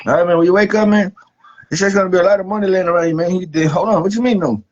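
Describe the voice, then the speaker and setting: A man's voice: high-pitched, rapid-fire, lightly acted. A man playing a laid-back, cussing God. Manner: casual, profane, ends lines with "man". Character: God as a laid-back, profane regular guy. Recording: dull lo-fi recording.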